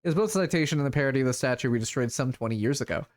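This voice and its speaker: A man's voice: medium pitch, lively intonation, very fast, natural voice. A man voicing a smug male orc artist who calls himself a visionary, reading the game dialogue aloud in a grand, self-important way.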